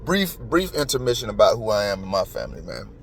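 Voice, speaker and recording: A man's voice: fairly low pitch, big pitch swings, fast, creaky, fairly bright tone. Male podcast host, emotional, emphatic, rambling commentary, faint noise behind. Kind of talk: casual commentary.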